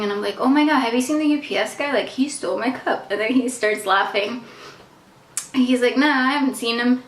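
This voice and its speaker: A woman telling a casual storytime vlog, chatty and animated, swearing freely and saying "like" a lot. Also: fairly high pitch, slight background noise. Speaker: vlogger. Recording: echoey room, mic at a distance.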